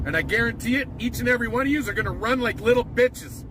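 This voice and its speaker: A man's voice: very high-pitched, fast talker. A trucker man livestreaming from his cab on a handheld phone, aggressive and profane. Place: truck cab while driving. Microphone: phone held in hand. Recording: noisy clip from a moving vehicle.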